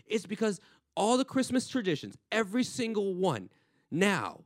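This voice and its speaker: A man's voice: high-pitched, huge pitch swings, normal speed, dry recording, studio quality. A man from Los Angeles, a comedian hosting a podcast, riffing crudely in casual banter. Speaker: podcast host.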